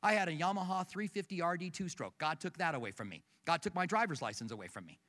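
A middle-aged man preaches to a big congregation, telling stories and asking questions of the room. His voice sits high and sounds sharp and forceful. It carries through a large auditorium with a long ringing echo. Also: quick pace. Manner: animated storyteller who questions the congregation. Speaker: pastor. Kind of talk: sermon with personal stories. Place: large church auditorium with balconies. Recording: echoey hall from a distance.

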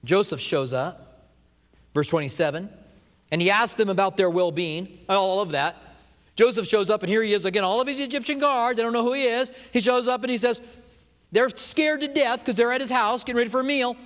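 A man preaching a sermon, retelling a story with animated asides and acting out what people say. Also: high voice, fairly quick, in a large hall. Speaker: pastor.

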